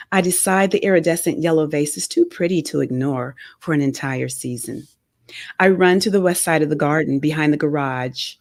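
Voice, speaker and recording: A woman author reading her memoir aloud with a measured, expressive delivery in a radio studio. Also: low-pitched, gravelly, no room sound. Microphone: studio microphone.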